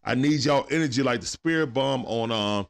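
A man hosting a live stream from home, calling a game play-by-play in a casual, excitable way that swings from hushed asides to sudden shouts. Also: mid-range voice, a little fast, creaky. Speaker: stream host. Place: at home at night.

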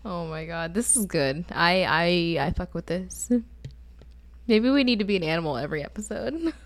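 A woman's voice: lowish voice, lively intonation, normal speed, no echo. A young woman co-hosting a podcast over a video call, chatting casually, giggling and rambling. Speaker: podcast co-host.

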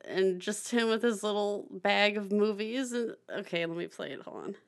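A woman's voice: mid-range voice, normal speed, vocal fry. A young woman co-hosting a film podcast, chatting casually with lots of fillers, restarts and laughter. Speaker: podcast co-host. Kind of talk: casual chat about films.

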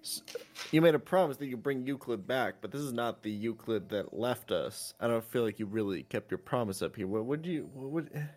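A man's voice: medium pitch, lively intonation, normal speed, a little mellow. A man playing a tabletop game in a casual, joking way. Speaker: player. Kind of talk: tabletop role-play.

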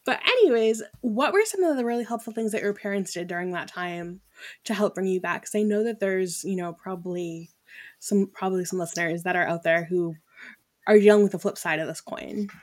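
A woman in her thirties hosting a faith podcast. She speaks in a chatty, affirming way, asking questions and making quick asides. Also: mid-range voice, darkish tone. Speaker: podcast host. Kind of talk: casual faith podcast conversation.

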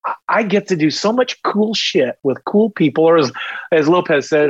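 A man's voice: a little high, animated, moderate pace, husky, dry recording, rough recording. A man in his fifties, a retired police officer, telling stories in a casual podcast interview with rambling energy and self-deprecating humor.

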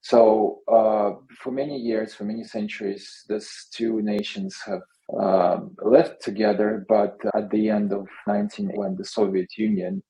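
A man's voice: fairly low pitch, expressive, a little slow, creaky, warm tone, rough recording. A man from Russia, a journalist guest, answering interview questions in a hesitant way with many fillers.

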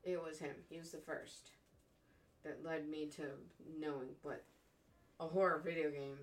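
A young woman co-hosting a casual chat, animated, laughing often and swearing constantly. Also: sits low, normal speed. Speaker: podcast co-host.

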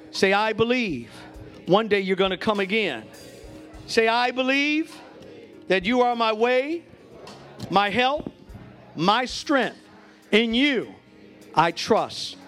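High-voiced preacher shouting declarations. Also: male voice, expressive, takes it slowly, pauses often, soft background music. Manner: leads the congregation in call-and-repeat declarations, rising to shouts; joking asides to the congregation. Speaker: bishop preaching. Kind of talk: sermon. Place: church sanctuary.

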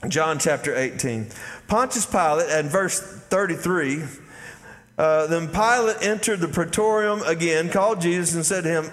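Preacher man, kinda high voice, folksy, lots of echo from the big hall. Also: moderate pace. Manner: folksy preaching, calls out "y'all" and "Amen?" to the congregation. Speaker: pastor. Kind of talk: sermon. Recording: long hall reverb.

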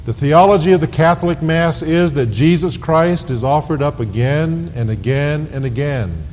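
A man preaching a sermon as pastor, slow and deliberate, leaning hard on key words. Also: darkish tone. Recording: 1990s sermon tape with long reverb and faint rumble.

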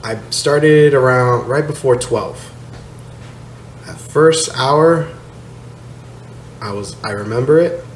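A man tells a story at a podcast table in a laid-back, profane way, laughing now and then. His voice sits at an ordinary pitch. The room is echoey, with a faint hiss under it. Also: slow, pauses often. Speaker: podcast guest telling a story. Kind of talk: casual storytelling chat. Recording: echoey room, slight noise.

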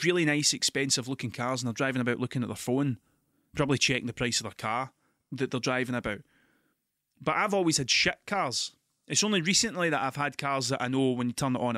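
A Scottish man hosting a podcast, telling stories in an animated, sweary, ranting way. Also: medium pitch, no echo, clean studio sound. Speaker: podcast host. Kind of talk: casual monologue.

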